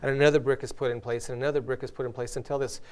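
A man's voice: medium pitch, little pitch movement, racing, darkish tone. A man hosting a casual spiritual discussion, earnestly telling illustrations from his own life. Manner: earnest storyteller, tells illustrations with light laughs. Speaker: host.

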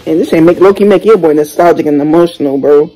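A young man hosting a reaction video, talking casually and excitedly in slang, exclaiming and chatting as he watches. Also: a little high, fast, faint music behind, poor audio. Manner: exclamatory, slangy, keeps saying "bro".

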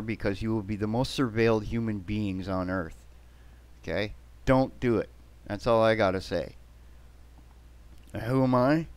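A man's voice: on the low side, clean tone, dry recording. Blunt, combative older man ranting. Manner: blunt, combative, keeps asking "right?" and "okay?". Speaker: vlogger. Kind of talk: ranting monologue to camera.

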